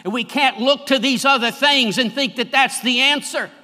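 A high-pitched man, preaching a fervent sermon to his church. His voice is bright and penetrating. It rings with the long reverb of a large sanctuary, and it climbs in force on the key lines. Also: normal speed. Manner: fervent preaching, swelling louder on key phrases. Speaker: pastor.

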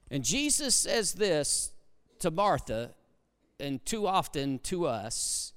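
A pastor preaching a sermon, swinging between hushed, low passages and loud, emphatic ones. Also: male voice, big pitch swings, slow, smooth. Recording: long hall reverb.

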